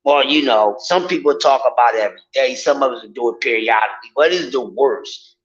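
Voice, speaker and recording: A man ranting casually to his viewers, in an animated, profane and mocking way. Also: mid-range voice, fairly quick. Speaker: vlogger. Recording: dull lo-fi audio.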